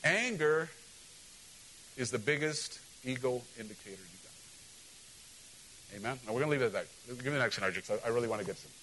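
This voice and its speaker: A male pastor preaching a sermon in an animated, joking way, often asking the congregation questions. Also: mid-range voice, a little hiss or hum, rough recording.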